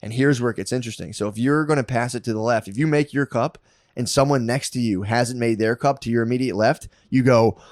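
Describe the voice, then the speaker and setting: Man, comedy podcast host, casual storytelling, says dude a lot, mid-pitched, dry close mic. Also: fast, no echo. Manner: animated, says "dude" a lot, loud bursts when acting out.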